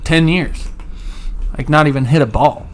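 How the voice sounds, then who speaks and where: A man making quick wisecracks in casual podcast banter. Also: a little high, a little hiss or hum. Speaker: podcast co-host or guest.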